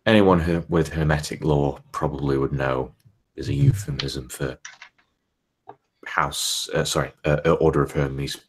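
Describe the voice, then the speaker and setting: A man's voice: very deep voice, fairly even intonation, a little slow, slightly rough. A man playing in a tabletop game who talks casually and hesitantly. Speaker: player.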